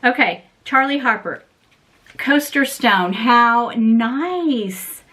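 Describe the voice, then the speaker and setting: A woman's voice: on the high side, animated, drawn-out words, fairly bright tone. A woman vlogger unboxing gifts in a casual chat, gushing and sentimental, often breaking into laughter. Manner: sentimental and emotional.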